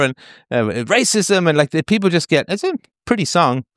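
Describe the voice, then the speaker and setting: A male author holds forth in a conversation, emphatic and digressive, with a dry, slightly sardonic edge. His voice sits at an ordinary middle pitch. The sound is close and dry, with no room to it. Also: normal speed, gravelly, no room sound. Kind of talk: conversational interview.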